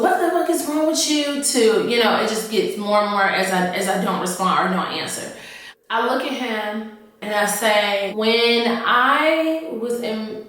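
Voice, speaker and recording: A woman officer telling a personal story in a halting, earnest way, often repeating herself. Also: mid-range voice, a bit bright. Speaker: army officer recounting her experience. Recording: echoey room, voice from off-mic.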